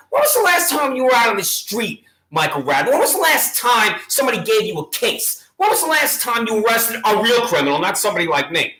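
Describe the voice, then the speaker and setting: A woman with a Long Island accent mocks her targets in a lively, high voice that swoops up and down. Her taunts come back again and again, and the room around her rings with echo. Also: brisk, few pauses. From Long Island, New York. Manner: sarcastic, taunting, repetitive. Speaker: vlogger. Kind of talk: mocking direct-address rant. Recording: echoey room.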